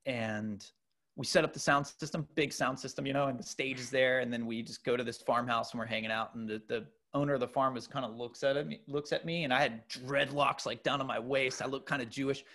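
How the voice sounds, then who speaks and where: A middle-aged man spins a personal story in relaxed conversation. He talks loosely and with energy, restarting his sentences and filling gaps with ums, at an ordinary pitch for a man. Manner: loose and animated, many fillers and restarts. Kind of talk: casual storytelling chat.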